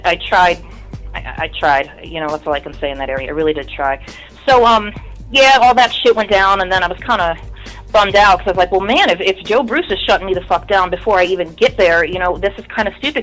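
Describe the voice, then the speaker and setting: A woman's voice: medium pitch, expressive, quick pace, fairly bright tone, soft background music, low-quality recording. A woman in her thirties, a musician guest in an interview, telling a long story in a candid, rambling, profane way.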